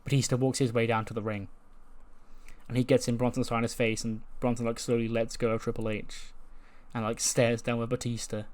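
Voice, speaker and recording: Man hosting a game channel, chatty recap, mid-pitched voice, laughs along. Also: little pitch movement, a little fast, a little mellow. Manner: chatty, laughing, recounts events. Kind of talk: casual game commentary.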